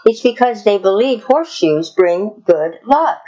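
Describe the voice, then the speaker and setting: A kind, patient young cowgirl, put on by a woman reading aloud, sits higher than the reader's own voice. Her tone is slightly husky and coaxing. The recording sounds dull and lo-fi. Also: expressive, a little slow, mellow.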